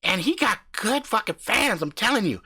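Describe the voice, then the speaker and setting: A man voicing a brash, boastful, foul-mouthed husband who talks loud and swaggering, swearing all the time, in an improvised comic story. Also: high-pitched, very animated, moderate pace, breathy edge, voice pushed up, exaggerated voice. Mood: rambling.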